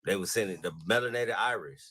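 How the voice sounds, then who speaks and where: Loud argumentative man in group chat. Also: fairly low pitch, fast, husky.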